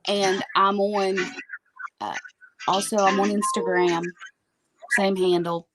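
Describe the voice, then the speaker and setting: A woman's voice: mid-range voice, flat delivery, slow, heavy background noise. A woman co-hosting a casual live stream, chatty, telling stories to viewers. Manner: chatty, storytelling. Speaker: co-host.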